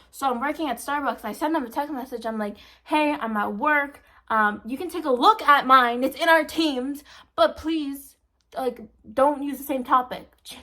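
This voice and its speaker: A woman's voice: sits high, a bit bright. A young woman in her twenties chatting casually, retelling an exasperating story with lots of quoted dialogue. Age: 20s. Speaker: vlogger. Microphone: phone camera.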